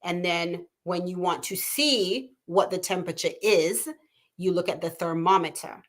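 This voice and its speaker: A woman's voice: on the low side, moderate pace. Chatty woman host reading live comments. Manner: chatty, warm-hearted, reads viewer comments aloud. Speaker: talk show host. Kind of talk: live-stream casual chat.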